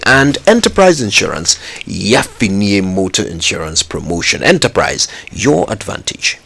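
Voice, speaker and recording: Deep-voiced Ghanaian radio co-host. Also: male voice, a bit bright.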